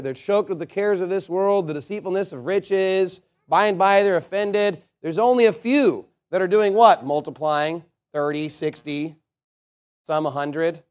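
A man preaching a sermon as a pastor, emphatic, swinging between loud declarations and quiet asides. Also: high voice.

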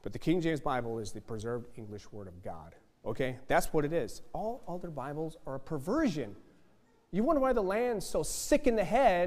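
A man preaching a fiery sermon, emphatic and repetitive, building to loud outbursts. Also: a little high, animated, moderate pace, big-room sound. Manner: emphatic, repetitive, rising to shouts.

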